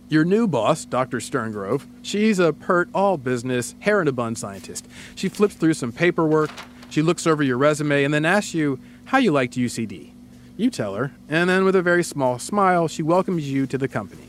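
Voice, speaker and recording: A man's voice: on the high side, animated, moderate pace, a little hiss or hum. A man hosting a podcast, telling a story in a playful, comic way and laughing often. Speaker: podcast host. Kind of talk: casual comedic storytelling.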